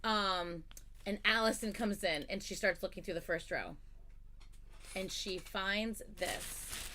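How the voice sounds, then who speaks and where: A woman's voice: mid-range voice, slow, sharp tone, slight background noise. A woman hosting a livestream, chatting casually and animatedly as she tells a story, swearing freely. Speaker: livestream host.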